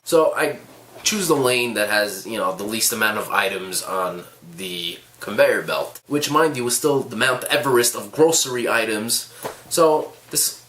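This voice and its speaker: A man who tells stories to the camera casually, with animated, sarcastic asides. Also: lowish voice, slight background noise. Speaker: vlogger. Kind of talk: casual storytelling. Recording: echoey room.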